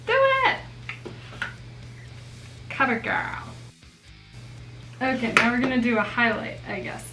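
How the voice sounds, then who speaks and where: A young woman doing her makeup on camera, chatting in a playful, self-mocking way. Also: fairly high pitch. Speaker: makeup vlogger. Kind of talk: casual chat. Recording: roomy echo, mic at a distance.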